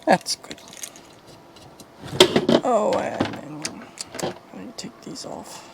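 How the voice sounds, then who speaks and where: Slow low-key woman tinkering and muttering. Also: lively intonation, creaky, very noisy. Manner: thinking aloud, low-key, muttering while working. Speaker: video host. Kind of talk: casual DIY repair narration.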